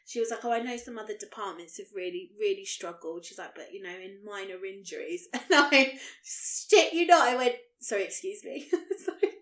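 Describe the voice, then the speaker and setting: A woman's voice: mid-range voice, lively intonation, moderate pace, hardly any pauses, reverberant. A woman in her thirties, a podcast co-host telling a story in casual chat, acting out the people in it with laughter. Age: 30s.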